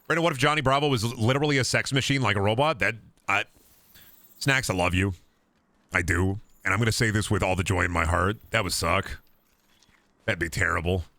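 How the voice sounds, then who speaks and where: A man streaming a video game, chatting casually and profanely with his viewers in an animated way. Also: lowish voice, a little fast, long pauses, no room sound. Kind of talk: casual gaming stream commentary.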